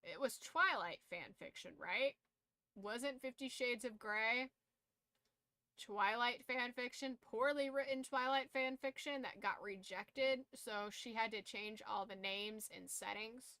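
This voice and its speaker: A woman's voice: fairly high pitch, a little slow, bright, forceful tone, no room sound. A tired woman streamer chatting casually late at night, rambling loosely and swearing now and then.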